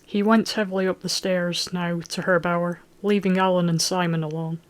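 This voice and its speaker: An audiobook narrator reading a historical novel in a steady, clear way. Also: mid-range voice, moderate pace.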